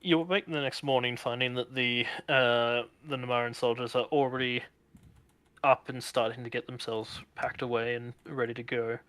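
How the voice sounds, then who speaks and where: A man's voice: medium pitch, moderate pace, smooth, dry recording. Guy running a tabletop game, laid-back, lots of ums, mid voice. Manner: relaxed, rambling, many fillers. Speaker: game master.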